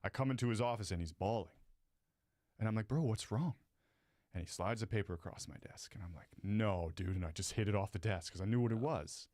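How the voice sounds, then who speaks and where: A man's voice: on the low side, fast talker, a little mellow, dry recording, studio quality. A man hosting a casual talk show, blunt and swearing freely while asking probing questions. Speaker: host. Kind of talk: casual interview chat.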